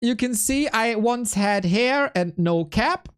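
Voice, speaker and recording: A woman hosting a game stream talks slowly, with a lively rise and fall in her voice. She is laid-back and self-mocking, and laughs easily between remarks. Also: a little high, smooth. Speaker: esports caster. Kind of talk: casual stream chat.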